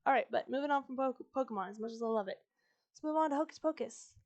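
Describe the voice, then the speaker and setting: A woman streamer chatting casually before reading a book aloud, her voice slightly croaky, talking in a chatty, rambling, upbeat way. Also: sits high, fast, darkish tone. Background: fantasy music playing faintly.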